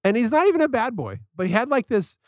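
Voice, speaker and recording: A man with a high, light voice tells stories in a casual podcast chat, laughing often and acting out the lines of the people in them. The sound is dry and close to the mic. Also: fast, no echo. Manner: animated storyteller, laughs often, acts out quotes. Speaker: podcast co-host.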